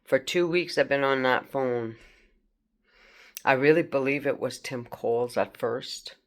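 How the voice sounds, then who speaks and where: A woman from France, speaking in a halting, rambling personal video monologue and confronting unseen hackers. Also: a bass voice. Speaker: vlogger.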